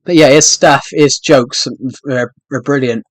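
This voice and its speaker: A man's voice: mid-range voice, steady tone, a little slow, dry recording. A man hosting a gaming channel, chatting casually and rambling, with frequent restarts and fillers. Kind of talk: casual chat over gameplay.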